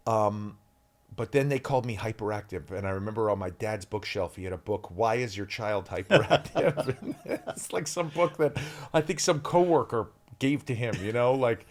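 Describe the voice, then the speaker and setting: A man in his forties, an actor guest, telling candid stories in an interview with lively energy. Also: fairly low pitch, moderate pace. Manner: energetic, animated, shouts out quoted lines.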